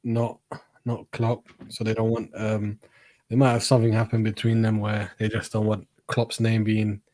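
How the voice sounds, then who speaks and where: A man's voice: lowish voice, completely flat delivery, moderate pace, warm tone. A man in a casual football chat, blunt about his views and laughing between points.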